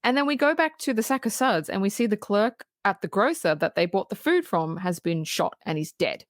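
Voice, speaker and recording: A woman co-hosting a podcast, retelling film scenes in an animated, casual way. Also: medium pitch, brisk, no echo, studio quality. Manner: animated retelling with quoted lines. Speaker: podcast co-host. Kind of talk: casual movie review chat.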